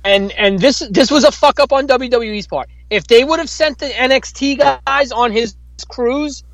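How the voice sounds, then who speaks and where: A man's voice: extremely high pitch, moderate pace, fairly bright tone, dry recording, rough recording. A man co-hosting a casual podcast, arguing his point emphatically and swearing often. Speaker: podcast co-host. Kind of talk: casual wrestling chat.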